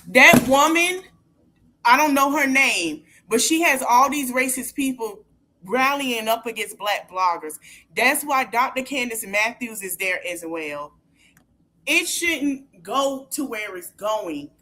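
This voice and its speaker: A woman hosting a podcast livestream, ranting heatedly and profanely, repeating herself and shouting at times. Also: on the high side, lively intonation, measured pace. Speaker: podcast host. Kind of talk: angry livestream rant.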